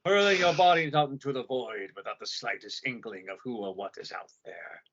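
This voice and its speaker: A man's voice: medium pitch, fairly quick, a bit bright, breathy edge, muffled recording. A man voicing a scornful otherworldly overlord. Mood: ominous.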